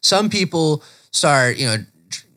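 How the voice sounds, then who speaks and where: A man's voice: on the high side, measured pace. A man co-hosting a podcast, telling a story in casual, profane chat and laughing often. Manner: animated, profane, laughs often, slips into silly voices. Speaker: podcast co-host.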